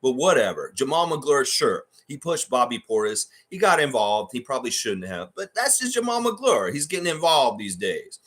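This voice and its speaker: A man's voice: mid-range voice, big pitch swings, moderate pace, few pauses, a bit bright. A man hosting a fan reaction livestream, ranting in a heated, profane, mocking way.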